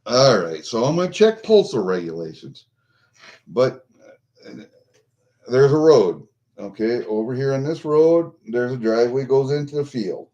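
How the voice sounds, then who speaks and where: A man's voice: medium pitch, animated, measured pace, mellow, highs cut off. An older American man venting angrily on a vlog, swearing constantly. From United States. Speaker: vlogger.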